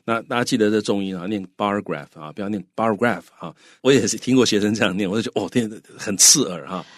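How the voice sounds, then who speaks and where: A man's voice: lowish voice, rapid-fire, no echo, studio quality. A man whose first language is Mandarin, co-hosting an English lesson and explaining in Mandarin with English words mixed in. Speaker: co-host teacher. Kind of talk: bilingual radio English lesson.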